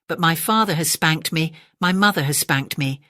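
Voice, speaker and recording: A woman's voice: sits low, normal speed, sharp tone, no room sound. A woman voicing a curious young male elephant calf in a storybook, talking very politely and earnestly in a raised voice.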